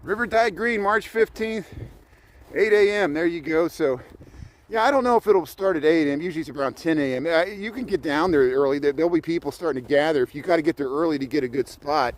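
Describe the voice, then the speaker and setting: A man's voice: on the high side, quick pace. An American man rambling casually while he livestreams a walk outdoors through city streets, talking to his viewers as he goes. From United States. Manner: chatty, digressive, talks while walking.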